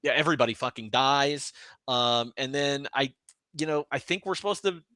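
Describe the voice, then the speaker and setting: Bright, dry-sounding young man chatting. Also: medium pitch, normal speed, no echo. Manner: chatty, laughs often, quotes lines with a growl. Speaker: podcast co-host. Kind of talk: casual movie review chat.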